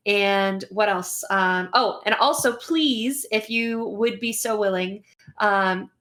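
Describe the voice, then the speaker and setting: A woman's voice: mid-range voice, fairly bright tone. A woman hosting a game stream, chatting casually with frequent ums and uhs as she wraps up. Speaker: host. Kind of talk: casual livestream wrap-up.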